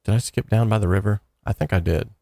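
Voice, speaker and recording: A man with a low, gravelly voice hosts a relaxed livestream. He talks earnestly and encouragingly, wandering through his thoughts with plenty of "uh"s, and the sound is close and dry. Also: fast talker, no room sound. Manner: earnest, encouraging, loosely rambling with fillers. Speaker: livestream host of a song contest. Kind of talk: casual livestream chat.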